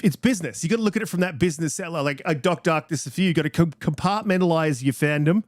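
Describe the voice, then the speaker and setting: A man's voice: fairly high pitch, racing, dry recording, clean studio sound. A man hosting a casual podcast, talking things through in a reflective way and often restarting his phrases. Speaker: podcast host.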